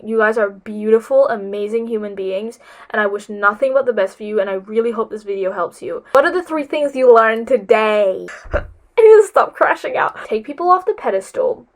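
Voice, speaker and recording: A woman's voice: medium pitch, a little fast. A teenage girl vlogging advice to her viewers, gushing and rambling with lots of filler words, emotional and close to tears. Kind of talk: casual advice vlog.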